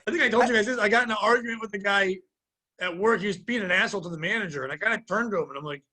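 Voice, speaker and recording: A man's voice: sits high, rapid-fire, pushed and bright. A man in his forties co-hosting a podcast, telling long, rambling, profane stories in casual chat. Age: 40s. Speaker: podcast co-host, comedian.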